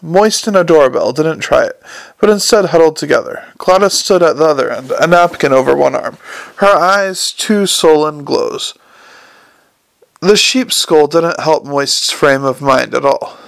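A man narrating an audiobook in a dry, measured storytelling manner. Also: on the high side, creaky, no echo.

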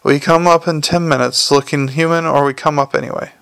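A man's voice: on the high side, fairly even intonation, brisk, creaky, fairly bright tone, smooth, no echo. A man voicing a brusque young female werewolf police sergeant who gives curt commands in an audiobook. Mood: exasperated. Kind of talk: audiobook character voice.

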